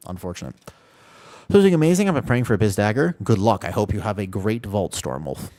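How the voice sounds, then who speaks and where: A man's voice: lowish voice, fairly quick. A man streaming a game live, chatting casually and animatedly with his viewers, with keyboard typing behind him. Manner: chatty, animated, talks to chat by name. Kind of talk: casual live-stream chat while gaming.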